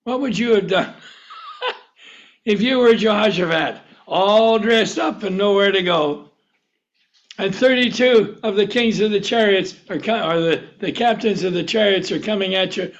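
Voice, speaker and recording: A man teaching a Bible lesson, asking the group questions and chuckling often. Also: high voice. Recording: dull lo-fi recording.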